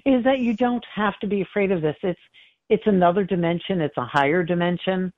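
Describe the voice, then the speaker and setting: A woman's voice: lowish voice, a little fast, no echo. A middle-aged woman psychic medium tells her stories animatedly, slipping into the voices of the people she quotes. Her voice comes through a thin, phone-like line. The sound is dry and close. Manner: animated, acts out quoted voices, laughs often. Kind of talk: emotional interview storytelling.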